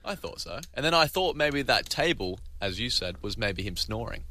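A man chatting quietly with the radio host, laid-back, speaking from away from the microphone. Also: medium pitch, very animated, normal speed, very noisy.

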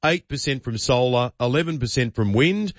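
A man's voice: medium pitch, animated, moderate pace, dry recording, muffled recording. An Australian man hosting a breakfast radio show, delivering opinion commentary with punchy, emphatic rhetoric. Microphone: studio microphone.

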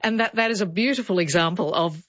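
A woman's voice: lowish voice, quick pace, fairly bright tone, dry recording. A woman who is a language expert, explaining word meanings on talkback radio in a thoughtful, explanatory way. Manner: thoughtful, explanatory, laughs often. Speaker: linguist guest expert. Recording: muffled dry radio broadcast.

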